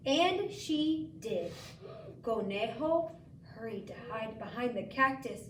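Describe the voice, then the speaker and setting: A woman's voice: fairly high pitch, slow, a little hiss or hum. Woman teacher reading aloud, echoey far mic. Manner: gentle questioning, lively story voices. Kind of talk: reading a picture book aloud to a child. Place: school room.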